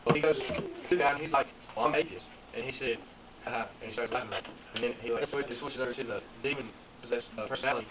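Guy at bible study, fast excited storyteller, loud group chatter around. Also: mid-range voice. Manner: animated storyteller, acts out voices. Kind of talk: casual group chat. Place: church room with a group. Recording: noisy room with crowd. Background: crowd chatter.

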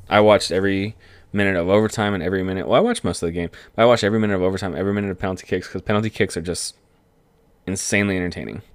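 A young man talking casually about sports, rambling and excitable and laughing at his own remarks. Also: low-pitched, smooth, no room sound. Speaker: vlogger. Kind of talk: casual sports commentary monologue.

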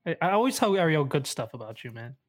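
A man's voice: a little high, sing-song, fast talker. A man co-hosting a casual podcast, easygoing and laughing often. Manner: giggly, easygoing banter. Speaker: podcast co-host.

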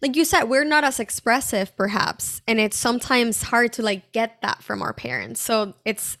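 A woman's voice: on the high side, fairly bright tone. A woman interviewer asking questions in a friendly, conversational way.

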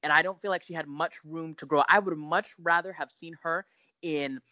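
A man's voice: a little high, fairly even intonation, normal speed, sharp tone, dry recording. A man co-hosting a podcast, sassy and emphatic, often repeating words as he builds his point. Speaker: podcast co-host. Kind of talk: casual pop-culture chat.

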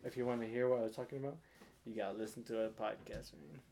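A man's voice: mid-range voice, fairly even intonation, fast, dark tone, a little hiss or hum. A young man co-hosting a casual podcast, rambling and restarting his sentences, often laughing. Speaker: podcast co-host. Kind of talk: casual chat.

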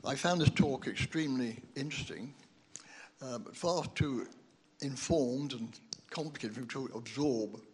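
An older man in the audience introduces himself and shares memories in a halting, hesitant way. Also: medium pitch, slight background noise. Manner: hesitant, halting, with many restarts. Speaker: audience member asking a question.

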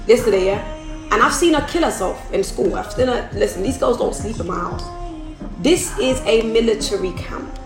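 A woman with a fairly high voice rallies her listeners in an emphatic, repetitive motivational chat, talking into her phone. The room around her is echoey, with faint music playing behind her. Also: expressive, normal speed. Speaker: businesswoman livestreaming.

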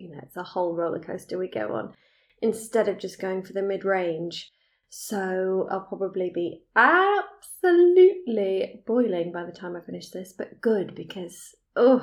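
A woman's voice: mid-range voice, a little mellow. A woman, hosting her podcast from home next to a radiator. She chats in a bubbly, self-deprecating way. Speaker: podcast host. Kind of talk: casual chat. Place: home room beside a radiator. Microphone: desk podcast mic.

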